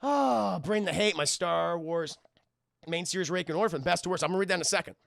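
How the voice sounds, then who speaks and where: A man reviewing a film live for his viewers, animated and profane, acting out scenes as he goes. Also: high voice, fast talker, gravelly, no echo, studio quality.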